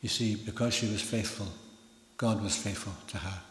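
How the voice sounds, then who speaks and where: A man's voice: on the low side, fairly even intonation, moderate pace. A man, preaching a sermon earnestly and with emphasis. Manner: earnest, emphatic, with rising and falling loudness. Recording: echoey hall.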